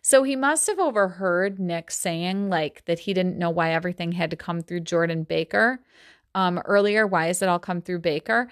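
A woman's voice: on the low side, moderate pace, no room sound, clean studio sound. A woman in her thirties reads a novel aloud and stops often to comment on it in a casual, chatty way, with plenty of ums and likes. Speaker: book study podcaster.

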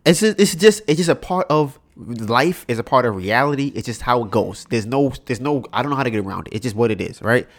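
A man hosting a podcast, telling stories in an animated, profane way and often asking "right?". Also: mid-range voice, fairly quick, hardly any pauses. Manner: animated, profane storytelling with many rhetorical "right?"s. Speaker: podcast host. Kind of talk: casual chat.

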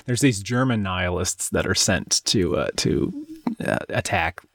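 A man's voice: low voice, animated, measured pace, a bit bright, no echo, studio quality. A man chatting casually as a podcast co-host, rambling with frequent restarts and laughs. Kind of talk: casual chat.

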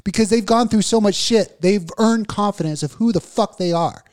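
A man's voice: sits high, moderate pace, darkish tone. A man co-hosting a casual radio talk show, ranting with heavy swearing. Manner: profane, impassioned ranting. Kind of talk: casual podcast chat.

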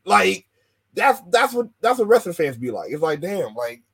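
A man's voice: sits high, very animated, normal speed, vocal fry, fairly bright tone, breathy edge, dry recording. A man co-hosting a casual wrestling podcast, rambling with slang and many fillers. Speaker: podcast co-host.

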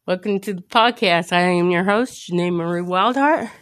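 A woman hosting a faith podcast, out of breath, talking in an earnest, preacherly way with halting pauses and fillers. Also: fairly low pitch. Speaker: podcast host. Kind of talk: faith podcast monologue with prayer.

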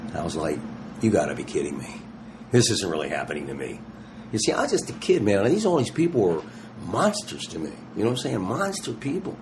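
A man in his sixties, a touring rock musician, telling stories in a casual interview and acting out the quotes in a slangy, animated way. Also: sits low, a little fast, noisy background. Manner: animated, slangy storyteller who acts out quotes.

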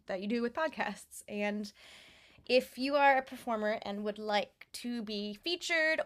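A woman's voice: on the high side, a bit bright. A woman hosting a podcast, chatting loosely with many fillers and laughing often. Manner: giggly, loose, lots of fillers. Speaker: podcast host. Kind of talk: casual interview chat.

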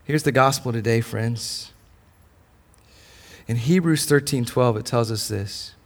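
A male pastor preaching a sermon, swinging between loud declarations and soft, close lines. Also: mid-range voice, measured pace.

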